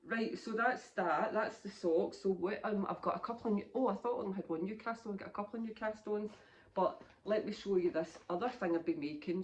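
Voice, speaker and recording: A woman's voice: fairly low pitch, slight background noise. A woman in her fifties with a Scottish accent, hosting a knitting podcast in a chatty, rambling way and laughing often. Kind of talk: casual chat.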